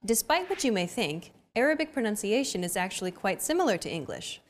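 A young adult woman hosting a language lesson, with clear, upbeat, teacherly scripted narration. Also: mid-range voice, very animated, fairly quick.

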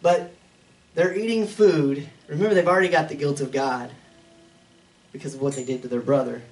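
A man's voice: fairly high pitch, fairly even intonation, normal speed, darkish tone, far from the mic, low-quality recording. A man as a pastor, teaching a Bible passage verse by verse in a conversational way, with chuckling side remarks. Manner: conversational, chuckling asides between readings.

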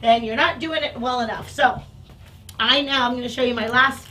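A woman dog trainer explaining and demonstrating toys, breaking into excited praise for her dog. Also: moderate pace, a little hiss or hum. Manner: upbeat, bursts into high excited praise for the dog.

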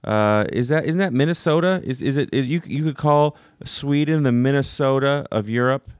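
Joking man with a smooth voice. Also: normal speed, dry recording, studio quality. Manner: joking, restarts often, jumpy pitch. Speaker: podcast co-host. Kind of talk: casual podcast chat.

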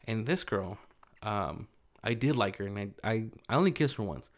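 Low-voiced man telling a rambling story. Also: expressive, moderate pace. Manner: loose and rambling, full of fillers, acts out voices in quotes. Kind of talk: casual storytelling chat.

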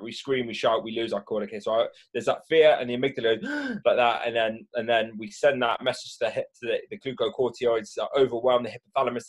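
A man with a mid-range voice speaks as a mindfulness speaker, giving an animated explanatory talk on the brain's stress response. He keeps it lively and acts out reactions with gasps.

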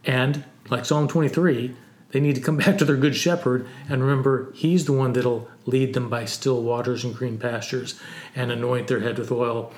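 A man co-hosting a Christian parenting podcast, giving gentle, practical encouragement to parents. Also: mid-range voice, steady tone, moderate pace. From United States. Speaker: co-host. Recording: roomy echo.

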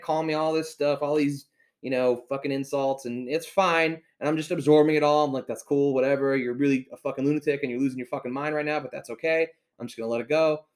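A man hosting a podcast, telling a story in a heated, profane rant. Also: medium pitch. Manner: heated, swears constantly, storytelling. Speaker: podcast host. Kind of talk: profane ranting monologue.

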